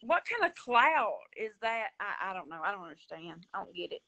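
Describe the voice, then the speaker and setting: A woman's voice: mid-range voice, big pitch swings, fairly quick, pushed and bright, dull audio. A woman in a live video chat, asking indignant questions and answering critics. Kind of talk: casual heated chat.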